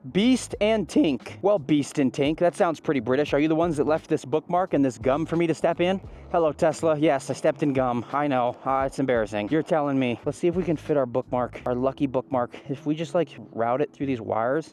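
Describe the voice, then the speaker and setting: A young man vlogging outdoors while riding an e-bike up a mountain road, talking to a helmet camera in an excitable, exclamatory, chatty way. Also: fairly high pitch, normal speed, faint music behind.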